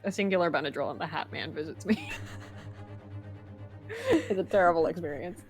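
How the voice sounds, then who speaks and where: A woman's voice: lowish voice, big pitch swings, normal speed, music in the background. A woman co-hosting a game stream, chatting casually with joking asides and laughs. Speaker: co-host. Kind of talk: casual gaming chat.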